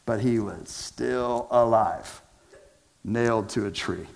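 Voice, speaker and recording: Preaching as a pastor, this man talks casually and uses slang, alternating between booming emphasis and quiet, low-pitched lines. He speaks slowly, with a creaky quality to his voice.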